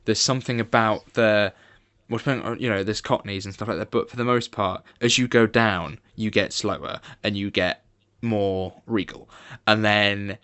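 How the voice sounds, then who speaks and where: A man from the UK hosts a podcast in a lowish voice, speaking in a measured, thoughtful way. The recording is dry and close, with no room sound. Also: steady tone, fairly bright tone, clean tone, no echo. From United Kingdom. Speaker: podcast host. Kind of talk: casual chat.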